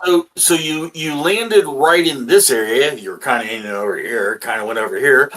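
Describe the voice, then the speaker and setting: A man's voice: mid-range voice, lively intonation, normal speed, fairly bright tone, a little hiss or hum, low-quality recording. A man running a tabletop role-playing game as dungeon master, rambling and restarting with lots of fillers.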